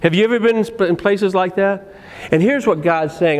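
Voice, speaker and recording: A male pastor preaching a sermon in a church, telling stories in an animated, conversational way with many restarts. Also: high voice, moderate pace. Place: church sanctuary. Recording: long reverb of a church hall.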